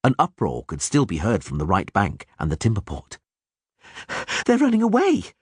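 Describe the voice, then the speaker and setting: A man narrating an audiobook in a lively, dramatic reading style. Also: sits low, fairly quick, slightly rough, no echo, clean studio sound. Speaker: audiobook reader.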